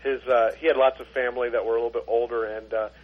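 Husky-voiced man, dull lo-fi sound. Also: mid-range voice, little pitch movement, fast. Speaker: podcast guest. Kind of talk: casual chat.

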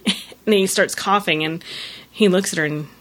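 Woman casually recapping, slightly low voice. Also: measured pace, a bit bright. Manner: retells scenes with many "you know" fillers and acted-out quotes.

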